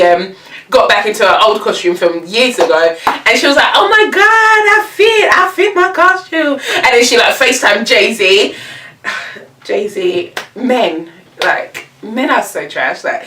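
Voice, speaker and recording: A young woman talks in an animated, slangy vlog chat and breaks into laughter often. Her voice is bright and forward. She sits a little back from the mic in a room with noticeable echo. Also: medium pitch, far from the mic, a little hiss or hum. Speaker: vlogger. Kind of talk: casual chat.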